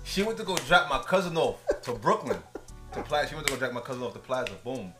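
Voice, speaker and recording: A man chats on a podcast, spinning a story in a loose, animated way. His pitch swings widely as he talks, and faint music plays underneath. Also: quick pace. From New York. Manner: animated storyteller, laughs between lines. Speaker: guest rapper. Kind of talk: casual podcast chat.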